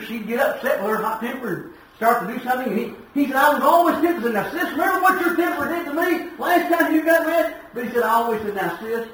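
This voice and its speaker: A man preaching a sermon in a folksy storytelling way, swinging between shouted emphasis and quiet asides. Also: very high voice, a little hiss or hum. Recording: echoey room from a distance.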